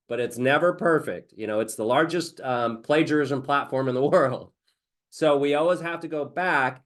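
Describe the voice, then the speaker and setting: A man presenting in a webinar, explaining software step by step in a chatty way. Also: mid-range voice. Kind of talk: casual presentation.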